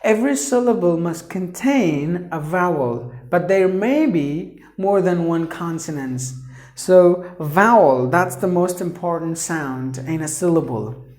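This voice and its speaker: A man's voice: a little high, a little slow, a little mellow, reverberant. A man teaching a pronunciation lesson, repeating each word several times and drawing it out for drilling.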